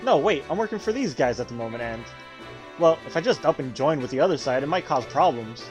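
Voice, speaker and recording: A man's voice: fairly high pitch, animated, fast talker, lo-fi sound, music in the background, lightly acted. A man voicing a sheepish, irresponsible man in debt who wheedles and makes excuses.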